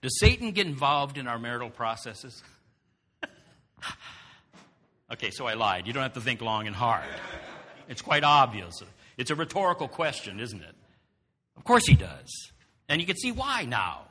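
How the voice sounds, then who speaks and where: A man preaching a sermon in an animated way, throwing rhetorical questions to the congregation. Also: medium pitch, normal speed, pauses often, big-room sound, slight background noise.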